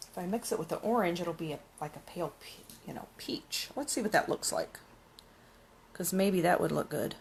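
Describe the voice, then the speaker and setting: A woman's voice: lowish voice, slight background noise, low-quality recording. Chatty woman thinking aloud while painting. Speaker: craft vlogger. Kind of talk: casual painting narration.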